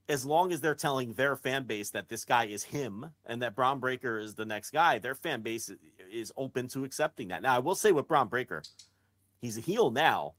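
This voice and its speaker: A man co-hosts a wrestling podcast in loose, blunt talk, swearing and heating up when he mocks excited fans. His voice sits at a middle pitch. It sounds close and dry on a podcast mic. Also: dry recording. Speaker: podcast co-host. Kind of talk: casual wrestling podcast chat.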